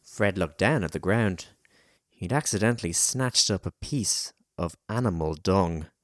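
A man narrating an audiobook chapter in a measured, dramatic storytelling manner. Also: sits low, lively intonation, no echo, studio quality.

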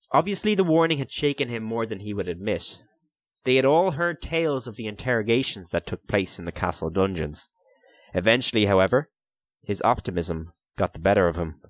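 A man narrating an audiobook in a measured, expressive reading on a close mic. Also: fairly low pitch, no room sound. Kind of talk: storybook narration.

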